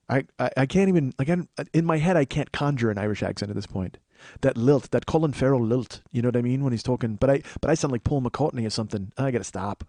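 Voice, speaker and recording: An American podcast host in his forties rambles through a profane, self-mocking solo monologue on his comedy show. His mid-range voice has a dark tone, captured in a dry, clean studio recording.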